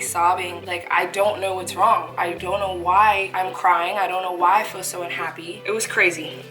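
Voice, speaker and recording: A young woman from Canada talks straight to camera in a candid, chatty way, tossing in playful asides and the occasional swear word. Her voice sits at an ordinary middle pitch. Background music plays clearly underneath her. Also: sharp tone. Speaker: vlogger. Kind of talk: casual storytelling while eating.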